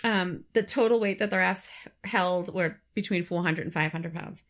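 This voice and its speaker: A woman's voice: fairly low pitch, normal speed, a bit bright. A woman co-hosting a podcast, casually telling a true story with frequent fillers and restarts. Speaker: podcast co-host.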